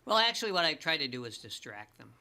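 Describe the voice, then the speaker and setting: A man with a strikingly bright, forceful tone spins a rambling story as a talk-show guest. He restarts his sentences often and grows animated as he goes. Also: on the high side, fast, smooth. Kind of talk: casual chat, storytelling.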